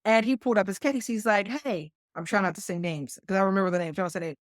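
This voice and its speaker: A middle-aged woman with a West Virginia accent, a combat flight nurse telling a story as a podcast guest, animated and acting out what others said. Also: medium pitch, fast, no room sound, studio quality. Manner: animated, quotes others in lively voices. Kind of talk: conversational storytelling.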